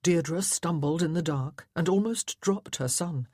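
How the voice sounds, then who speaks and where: A woman narrates a historical romance audiobook in scripted form, her storytelling dramatic and tense. Her voice sits lowish and mellow, moving a little slowly. The studio recording is clean, with no echo.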